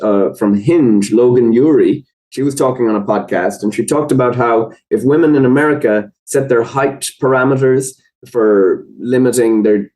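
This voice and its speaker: A man with an Irish accent, a podcast guest explaining research in a thoughtful, measured way with frequent fillers. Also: medium pitch, warm tone, low-quality recording. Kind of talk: conversational explanation.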